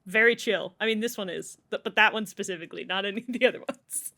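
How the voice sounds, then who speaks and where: Woman, bright voice, sarcastic, animated, casual podcast book chat. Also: medium pitch, quick pace, vocal fry. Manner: animated, sarcastic, laughs often while retelling. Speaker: podcast co-host.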